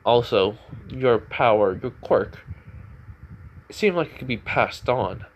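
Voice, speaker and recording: A man voicing a calm, eerie young male hero with devil powers, in a flat, matter-of-fact delivery. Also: medium pitch, slow pace, dull audio.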